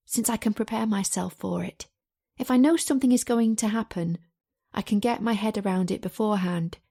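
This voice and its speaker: A woman's voice: mid-range voice, gravelly, dark tone, slightly rough. A woman reading a romance audiobook in the first person, in a chatty, confiding manner. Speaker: audiobook narrator.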